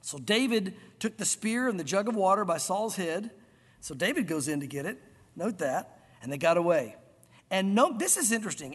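A man preaching a Bible sermon, animated, acting out the characters' voices with chuckles. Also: high voice, normal speed, slightly rough, big-room sound. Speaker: pastor. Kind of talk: expository sermon.

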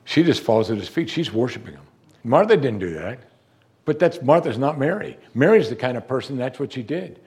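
A male pastor delivering a sermon in a voice of ordinary pitch. He talks to the congregation in an earnest, conversational way, pausing on rhetorical questions and sinking low and hushed whenever he wants a point to land. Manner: expressive, drops low and soft for emphasis, rhetorical questions.

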